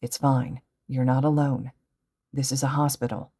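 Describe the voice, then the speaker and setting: A woman voicing a calm, protective teenage boy who speaks softly and steadily, in a fan audiobook. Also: rumbling low, moderate pace, breathy edge, full character voice. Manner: soft, steady, reassuring.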